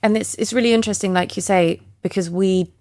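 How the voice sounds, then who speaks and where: A woman's voice: medium pitch, steady tone, fast, darkish tone, no echo, clean studio sound. A woman hosting a podcast interview, chatty and friendly as she asks questions. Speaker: podcast host, marketer.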